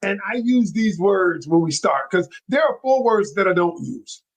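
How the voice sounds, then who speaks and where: A man talking as a relationship coach in an interview, animated and excitable, with a casual way of speaking and frequent restarts. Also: high-pitched, moderate pace. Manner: colloquial, with many restarts. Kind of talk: interview guest.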